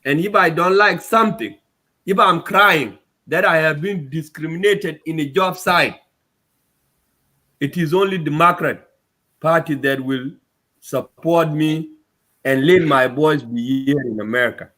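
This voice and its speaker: Impassioned man, raised pitch. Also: measured pace, pushed and bright. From South Sudan. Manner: upset and emphatic, repeats his points. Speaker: community speaker. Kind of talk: impassioned address to his community.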